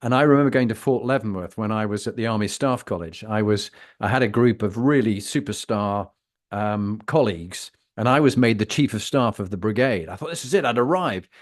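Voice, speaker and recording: A man from Britain hosting a conversational interview, telling stories in an animated way with long wind-ups before his question. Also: lowish voice, fairly quick. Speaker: host.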